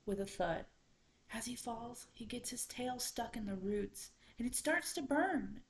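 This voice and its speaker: A woman's voice: on the high side, a little slow, low-quality recording. A woman retelling a folktale aloud without a book. She tells it expressively and drops into whispers at the tense moments. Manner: expressive, dropping into whispers for suspense. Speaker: student storyteller.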